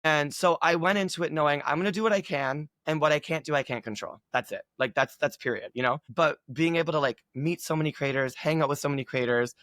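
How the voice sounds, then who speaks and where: A man with a slightly raised pitch talks as a guest in a casual chat. He gushes in an upbeat way and packs his sentences with filler words. The sound is close and dry, with no room around it. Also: fast, few pauses, a bit bright, dry recording. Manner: gushing, upbeat, heavy use of filler words. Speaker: guest content creator.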